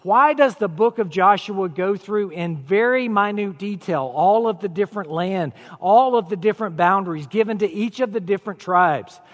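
A man delivers a sermon in a relaxed, conversational way that climbs into emphatic declarations. His voice sits very high for a man. The sound carries the long reverb of a large church sanctuary. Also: normal speed, hardly any pauses. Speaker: pastor.

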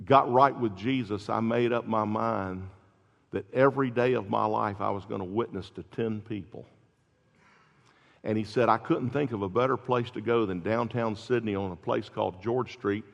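A man preaching a sermon as pastor, telling stories with rising intensity and quiet drops. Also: fairly low pitch, gravelly. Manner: animated storytelling, builds to loud peaks then drops soft. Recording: dull lo-fi recording in a large reverberant hall.

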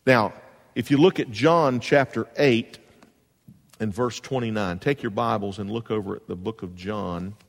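A pastor preaches a sermon to his congregation in a church sanctuary, rising into emphatic bursts and putting questions to the room. His voice is fairly low and creaky, a little slow, with a long reverb tail.

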